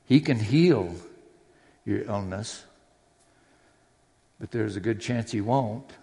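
A man's voice: fairly low pitch, takes it slowly, gravelly, dark tone. A man preaching a sermon in a church, earnest and personal, with readings from scripture. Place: church sanctuary. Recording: long hall reverb.

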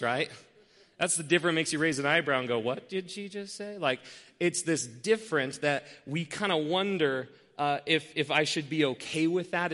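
A young man preaches in an easygoing, story-driven way, poking gentle fun at himself. His voice sits a little high for a man. The sound carries a long reverb from a church hall. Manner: conversational storytelling, self-deprecating. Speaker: pastor. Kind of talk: sermon.

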